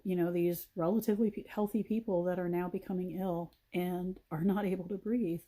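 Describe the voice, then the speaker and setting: A woman giving a heartfelt, emotional message of encouragement, sighing and clearing her throat often and repeating phrases for emphasis. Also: fairly low pitch, warm tone. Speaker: video host.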